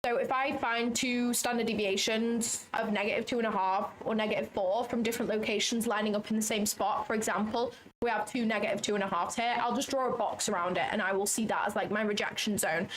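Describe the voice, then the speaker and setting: A woman's voice: mid-range voice, steady tone, a little fast, few pauses, slight background noise, poor audio. A young woman chatting frankly and with self-mockery while she walks through live trading commentary. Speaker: day trader streaming live. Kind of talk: casual livestream commentary.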